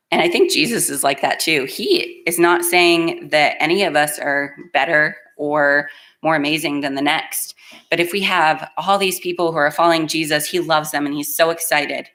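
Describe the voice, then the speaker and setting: A woman's voice: deep voice, fairly bright tone. A middle-aged woman preaching in a church, reading scripture aloud and speaking in an earnest, emotional, plainspoken way.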